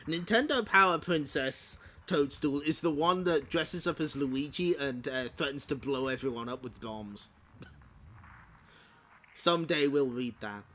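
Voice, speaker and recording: A man's voice: a little high, a little slow, a bit bright. A man streaming, reading a comic aloud with chatty, laughing asides. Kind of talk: casual comic read-along commentary.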